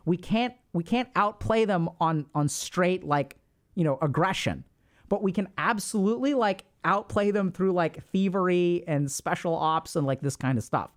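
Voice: medium pitch, normal speed. A therapist giving casual, blunt advice, who swears and acts out sample conversations. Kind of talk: casual advice talk to camera.

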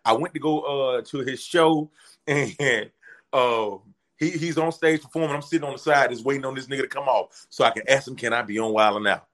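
Here a male comedian guest spins a story at a slightly quick clip in a mid-range voice. It's casual chat, and he animatedly acts out each quoted voice.

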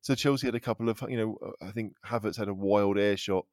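Guy on a football pod, dry close sound, talks it through slowly, lots of restarts. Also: on the low side, steady tone, darkish tone, no room sound. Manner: thoughtful, with frequent restarts. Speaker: podcast panelist. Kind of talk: casual football podcast chat. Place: Vienna.

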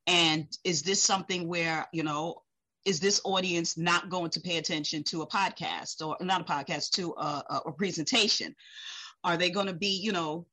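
A woman from the Caribbean, a guest speaker in a casual interview, telling lively stories, acting out quotes and laughing often. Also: fairly low pitch, moderate pace, low-quality recording.

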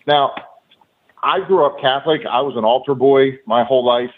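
Male guest, casual profane storyteller, mid-pitched, heard through a tinny phone connection. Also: normal speed. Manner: loose, profane, with many fillers. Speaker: guest, former pro wrestler. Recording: tinny phone-line audio.

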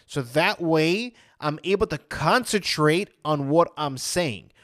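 A man's voice: a little high, lively intonation, slow, a bit bright. A man talking casually as an anxiety coach, retelling his own past thoughts in a chatty way. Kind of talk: casual motivational talk.

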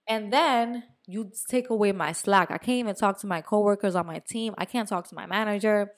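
A young woman co-hosting a podcast, telling a story in a casual, animated way, now and then swearing and dropping in Spanish words. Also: medium pitch, a little fast. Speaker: podcast co-host. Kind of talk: casual chat.

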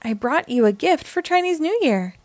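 A woman's voice: high-pitched, very animated, normal speed, darkish tone, no room sound, pitched above the performer's own voice. A woman reading aloud the part of young Ruby in a children's picture book, in a plaintive, dismayed way. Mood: apologetic. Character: young girl Ruby, eager and easily upset.

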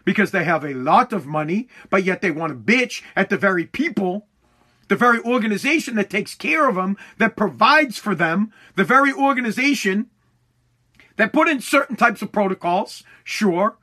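A man ranting angrily with heavy profanity, mocking others with quick put-on voices. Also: high voice, lively intonation, bright, forceful tone. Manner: heated, profane, mocking impressions. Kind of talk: ranting commentary.

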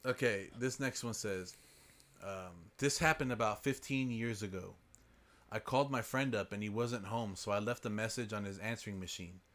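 A man's voice: fairly low pitch, moderate pace, fairly bright tone. A man hosting a podcast, reading listener stories aloud in a casual way. He swears freely and laughs as he goes.

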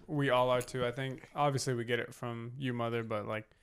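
Fast-talking young man with a smooth voice. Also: medium pitch, steady tone, fairly bright tone. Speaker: podcast co-host. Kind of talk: casual podcast chat.

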